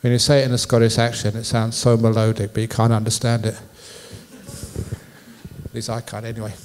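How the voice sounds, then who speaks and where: A man's voice: medium pitch, monotone, brisk, a little mellow, slight background noise. A man, a Buddhist monk, giving a public dharma talk in a university hall, a playful storyteller who jokes with his audience.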